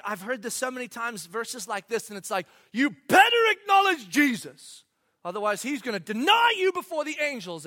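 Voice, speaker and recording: A male pastor preaching with a high, bright voice that leaps up and drops low. He swings from loud, emphatic bursts to quiet asides and acts out the quotes in his stories. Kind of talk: sermon.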